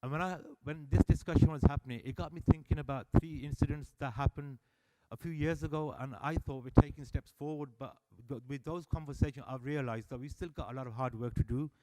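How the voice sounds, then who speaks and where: Guy telling stories at a meeting, mellow warm voice, acts out the back and forth. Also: a little high, quick pace, hardly any pauses, a little hiss or hum. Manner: animated storyteller, acts out dialogue. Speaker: service user speaker at annual meeting. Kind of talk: public speech telling stories. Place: meeting hall.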